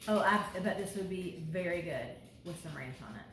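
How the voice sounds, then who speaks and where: A woman's voice: on the low side, fairly quick, a bit bright, reverberant, slight background noise. A woman hosting a casual cooking show from her home kitchen, chatty and laughing often. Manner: chatty, laughs often, talks with mouth full. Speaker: host.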